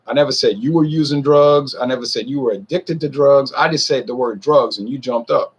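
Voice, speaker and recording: A man's voice: mid-range voice, brisk, husky, highs cut off. A man in his forties who reviews whiskey, rambling and a bit defensive as he talks straight to his viewers. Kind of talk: casual talk to camera.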